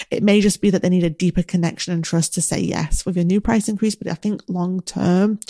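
A woman's voice: on the low side, vocal fry, dark tone, dry recording, studio quality. A woman, a business coach, gives encouraging, chatty advice in a casual solo Q&A with many filler words. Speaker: business coach answering listener questions.

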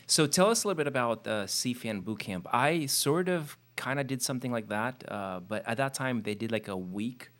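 A man hosting a casual interview, asking questions in a relaxed, filler-heavy way and livening up when he tells stories. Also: medium pitch, moderate pace, few pauses. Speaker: podcast host.

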